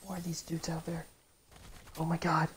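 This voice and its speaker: A woman giving let's play commentary, reacting out loud with exclamations and self-mocking frustration as she plays. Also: sits low, completely flat delivery, moderate pace, a little hiss or hum. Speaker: gameplay commentator.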